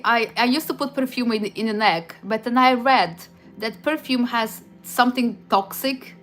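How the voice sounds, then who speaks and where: A woman's voice: a little high, fairly bright tone. Chatty Portuguese-accented woman hosting a livestream. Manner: chatty, frequent hesitations and restarts. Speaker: livestream host. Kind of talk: casual chat answering viewer comments.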